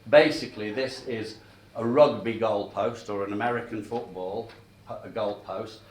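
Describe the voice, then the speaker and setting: A man's voice: on the low side, steady tone, moderate pace, darkish tone, slight background noise. A middle-aged man giving a sales training talk, telling stories and checking in with the room as he goes. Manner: chatty, checks in with the room often. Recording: echoey room, mic at a distance.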